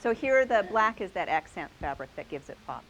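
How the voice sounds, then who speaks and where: A woman leads a quilting group through a show-and-tell, praising each quilt with eager delight. Her voice sits at a middle pitch. A faint hiss runs under the recording. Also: big pitch swings, fairly quick, fairly bright tone, poor audio. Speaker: quilting class host.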